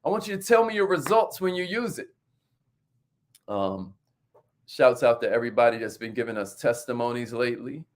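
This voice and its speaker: A man hosting a live stream on sales and entrepreneurship, energetic, repeating phrases and calling on viewers by name. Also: medium pitch, moderate pace, pauses often.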